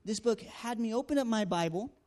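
A man's voice: high-pitched, expressive, brisk, a little mellow. A man sharing a personal testimony of his time as a door-to-door canvasser, talking earnestly with many fillers and acting out the dialogue. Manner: earnest storytelling, acts out dialogue, frequent fillers.

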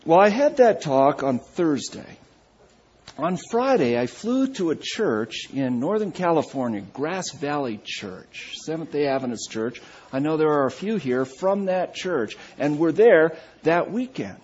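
A middle-aged man, a pastor, telling a story in a sermon with animated, self-mocking delivery. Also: fairly high pitch, unhurried, slightly rough, highs cut off.

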